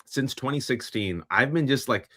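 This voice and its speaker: A man's voice: medium pitch, animated, normal speed, bright, forceful tone. A man hosting a casual conversation, reflecting in an easygoing way. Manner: reflective, easygoing, short reactions. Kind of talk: casual chat.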